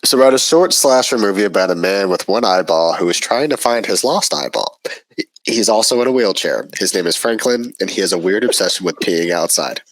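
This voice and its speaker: A man's voice: fairly low pitch, expressive, fairly quick, no echo. A man with a stuffy voice from a cold, chatting casually and reading a story aloud with a laid-back manner. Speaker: podcast co-host.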